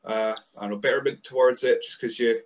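A man's voice: medium pitch, steady tone, quick pace, faint music behind. A man from Scotland hosting a podcast interview, asking rambling questions full of restarts. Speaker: podcast host. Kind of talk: casual interview.

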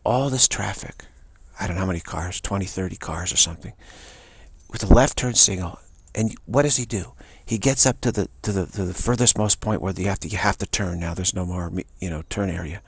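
Gravelly, husky-voiced man ranting. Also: low voice, a little fast, no room sound. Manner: indignant, rambling storyteller. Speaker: spiritual channel host. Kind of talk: casual spoken anecdote.

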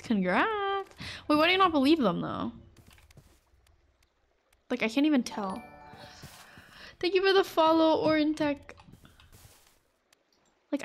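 A woman streamer chatting casually with her viewers while she plays, rambling and full of "like". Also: high voice. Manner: chatty, rambling, full of "like", acts out little scenes for chat. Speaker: Twitch streamer. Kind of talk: casual live-stream chat while gaming.

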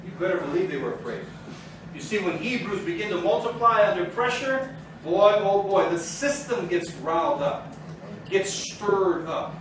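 A man's voice: high-pitched, lively intonation, moderate pace, noisy background. A man teaching a sermon before a congregation, fervent and building in intensity as he preaches. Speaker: Torah teacher. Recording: very echoey room, mic far off.

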